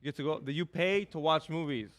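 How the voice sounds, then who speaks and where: Fast emphatic profane podcast guy. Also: a little high, no echo. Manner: rapid, emphatic, profane, calls people "dog" and "bro". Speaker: podcast co-host. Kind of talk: casual chat.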